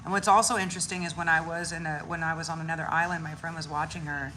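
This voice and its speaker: A woman's voice: low-pitched, fast, soft background music. A woman chatting casually about spirituality, loose and slangy, swearing freely and acting out little voices as she tells stories. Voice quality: animated storytelling with voices. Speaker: spiritual content creator.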